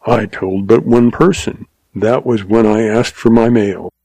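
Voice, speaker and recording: A man voicing a tart, wary young male cowboy who talks in a cool, measured way. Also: fairly low pitch, steady tone, warm tone, dry recording. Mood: firm.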